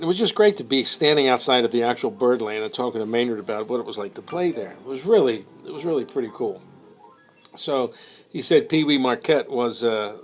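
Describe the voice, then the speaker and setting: A man casually telling a long anecdote, rambling with many fillers and slipping into quoted voices. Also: mid-range voice. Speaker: storyteller.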